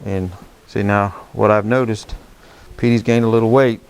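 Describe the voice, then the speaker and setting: A horsemanship instructor speaks at a moderate pace in a low-side voice that's steady, clear, and resonant, with some vocal fry. Beside his horse, he demonstrates saddle care hands-on, talking in a folksy, plain-spoken manner and checking in with "okay?" as he works.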